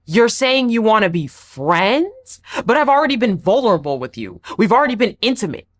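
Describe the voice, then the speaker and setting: A woman's voice: on the high side, normal speed. A woman giving a casual, emphatic recap of a reality show episode, acting out the people she quotes. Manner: animated, emphatic, acts out quotes. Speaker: recap vlogger.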